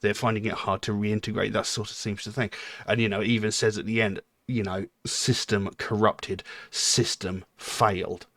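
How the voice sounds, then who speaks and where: A man's voice: fairly low pitch, level tone, normal speed, a bit bright, no room sound, clean studio sound. A man hosting a music reaction channel, giving casual, rambling commentary full of "you know" and "um".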